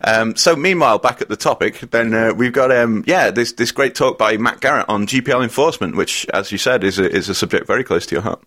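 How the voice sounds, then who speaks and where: A man's voice: on the low side, a little fast, hardly any pauses, a bit bright. A man with a British accent co-hosting a podcast in casual chat, easygoing and a bit hesitant. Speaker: podcast co-host.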